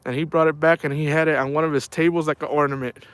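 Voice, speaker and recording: A man's voice: fairly high pitch, fairly even intonation, fast, smooth. A middle-aged man chatting casually on a livestream, telling rambling stories and saying "man" a lot. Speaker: livestream host.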